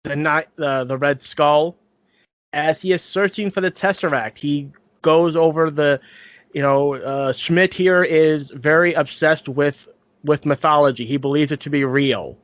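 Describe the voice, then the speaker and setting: A man's voice: on the high side, unhurried, no room sound. Dry lo-fi man recapping a movie. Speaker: podcast co-host. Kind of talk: casual chat and plot recap.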